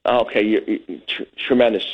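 An older retired man from Brooklyn calls in to a radio show and talks at length. He rambles earnestly, restarting and stumbling over his words, in a lowish voice. The sound comes over a muffled phone-in line. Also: fairly even intonation, normal speed. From Brooklyn, New York.

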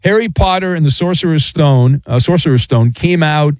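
A man's voice: fairly high pitch, moderate pace, a little mellow, dry recording. A middle-aged man hosting a radio show, rambling and joking as he reads listener messages. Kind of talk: casual sports radio talk. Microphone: studio microphone.

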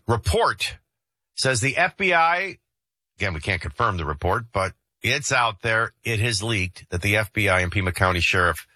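A man's voice: deep voice, bright, forceful tone, dry recording, studio quality. A man hosting a morning talk radio show, chatting casually about sports and reading the news. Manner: chatty, conversational, with frequent restarts. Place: radio studio. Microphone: studio microphone.

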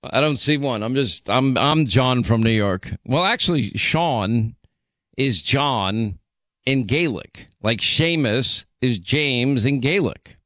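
A man's voice: mid-range voice, animated, fairly bright tone, no room sound. Radio host guy joking around w his cohost, playful, dry booth sound. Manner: playful, teasing, quick back-and-forth. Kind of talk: talk radio banter and ad read.

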